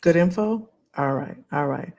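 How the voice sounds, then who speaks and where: With lively emphasis, a career coach speaks directly to her live-stream audience and reads their comments in a casual way. She has a low-pitched voice and talks at normal speed.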